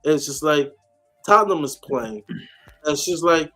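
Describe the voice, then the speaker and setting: A man's voice: fairly high pitch, expressive, normal speed, pushed and bright, soft background music. A man chatting casually on a call-in show, telling a story animatedly and acting out the people he quotes. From United States.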